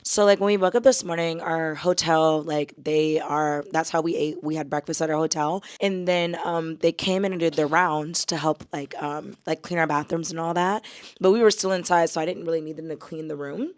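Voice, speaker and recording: A woman's voice: low voice, fairly even intonation, normal speed. A young woman from the United States, chatting casually to camera as a travel vlogger, full of fillers and calling her viewers y'all. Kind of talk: casual vlog chat to camera.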